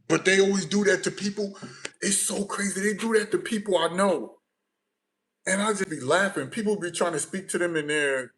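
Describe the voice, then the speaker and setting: A man from the United States hosting a casual livestream, telling travel stories in a lively way that swings between quiet, low asides and loud bursts. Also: poor audio. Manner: animated storytelling, shifts often from low mumbles to loud bursts. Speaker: livestream host.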